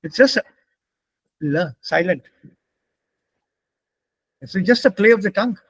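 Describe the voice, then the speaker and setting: A man's voice: high-pitched, fast, husky, no echo. A middle-aged man, patiently explaining German pronunciation rules to a class step by step.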